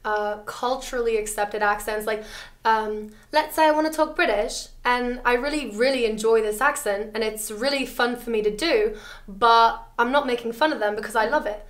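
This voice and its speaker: A woman's voice: a little high, moderate pace. A woman hosting a casual podcast, chatty and curious, asking questions and laughing easily. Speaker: podcast host.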